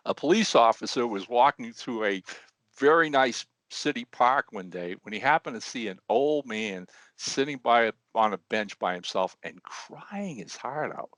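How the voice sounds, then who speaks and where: A man co-hosting a podcast in casual chat, an animated storyteller who often restarts his words. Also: mid-range voice, normal speed, no room sound. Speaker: podcast co-host.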